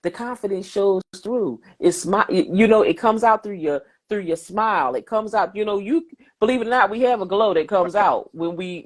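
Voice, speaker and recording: Emphatic woman podcast host. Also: medium pitch. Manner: emphatic, repeats phrases for effect. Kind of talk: encouraging conversational chat.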